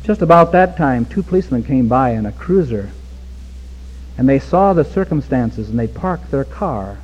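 A man preaching a sermon with passion, swinging from hushed pleading to near-shouting. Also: medium pitch, expressive, moderate pace, husky. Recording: dull recording with long hall reverb.

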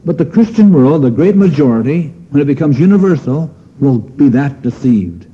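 A man's voice: fairly high pitch, big pitch swings, normal speed, breathy edge. A man preaching a sermon in an earnest manner, asking his listeners questions and pressing on key phrases. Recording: dull lo-fi sermon recording.

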